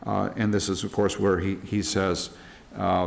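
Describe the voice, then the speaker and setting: Gravelly low-voiced man teaching scripture. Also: little pitch movement, measured pace. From United States. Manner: conversational and plain-spoken, paraphrasing scripture in everyday words. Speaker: church Bible study teacher. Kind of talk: casual Bible study walkthrough of a worksheet.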